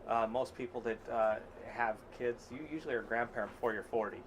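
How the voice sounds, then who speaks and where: A man in his forties from Utah, a stand-up comedian chatting casually as an interview guest, telling quick jokes and anecdotes. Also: medium pitch, level tone, noisy background. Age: 40s.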